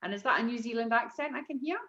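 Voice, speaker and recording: A woman hosting a casual interview, asking questions enthusiastically and pausing on fillers. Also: a little high, bright, forceful tone, dull audio. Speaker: host.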